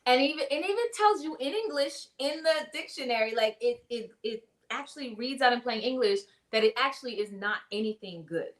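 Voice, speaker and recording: A woman's voice: on the high side, lively intonation, brisk, few pauses. A woman hosting a casual ministry talk show, chatting and reading out viewer comments. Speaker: host.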